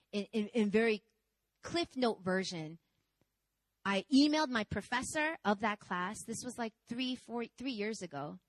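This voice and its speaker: A woman in her twenties preaching a sermon, telling a personal story in a candid, animated, conversational way. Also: mid-range voice, no room sound, poor audio. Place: church service.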